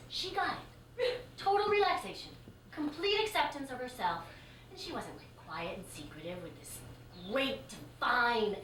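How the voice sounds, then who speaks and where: Animated woman telling a story on stage. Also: high voice. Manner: animated, conversational, frequent "like" fillers. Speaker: yoga teacher and performer. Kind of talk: live storytelling performance. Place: stage before a laughing audience. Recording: echoey, distant live stage recording with noise.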